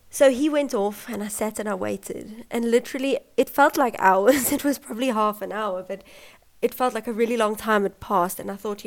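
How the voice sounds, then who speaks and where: A young adult woman telling her own birth story in an emotional, personal way, laughing often and acting out what others said. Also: mid-range voice. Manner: emotional, laughs often, acts out quoted voices.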